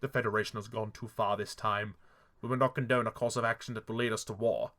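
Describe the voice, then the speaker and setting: A man's voice: on the low side, fast talker, pitched below the performer's own voice. A man mimicking a robotic-sounding young queen. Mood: stiff. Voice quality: flat, robotic. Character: stiff young queen with odd robotic diction.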